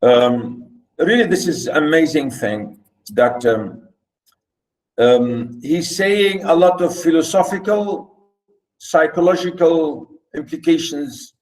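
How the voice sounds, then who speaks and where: A man giving a literature lecture, explaining slowly and emphatically with many repetitions. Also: fairly high pitch, poor audio. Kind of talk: recorded lecture.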